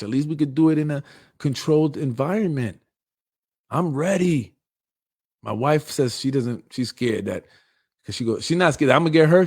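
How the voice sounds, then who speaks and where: A man's voice: mid-range voice, a little mellow. A middle-aged man hosting a political show, delivering a blunt, confrontational, streetwise monologue. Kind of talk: heated monologue.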